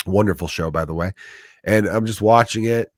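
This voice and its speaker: A man's voice: lowish voice, normal speed, dry recording, studio quality. A man in his thirties with a Chicago accent, a comedian hosting his podcast and ranting in a profane comedic monologue. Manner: profane, ranting, acts out quoted voices.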